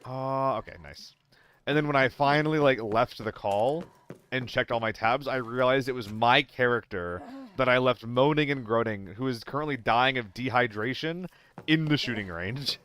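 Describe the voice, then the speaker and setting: A man's voice: mid-range voice, normal speed, a bit bright, a little hiss or hum. A young man streaming a shooter game alone, chatting and swearing casually to his viewers while he plays. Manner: chatty, swearing, talks to chat; banters with viewers, jumps between topics. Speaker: gaming streamer. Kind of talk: casual live-stream commentary.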